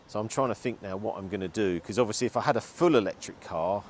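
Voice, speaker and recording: A man's voice: on the low side, fast talker, a little hiss or hum. A man venting his frustration while driving, talking and muttering to himself in a car vlog. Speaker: car vlogger.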